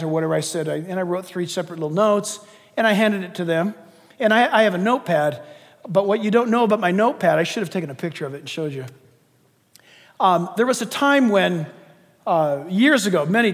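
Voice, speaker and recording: An older male pastor delivers a fiery sermon in a very high voice. He shifts from shouted emphasis to soft, conversational asides. His voice rings with long reverb in a large hall. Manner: impassioned, swings from shouting to quiet asides.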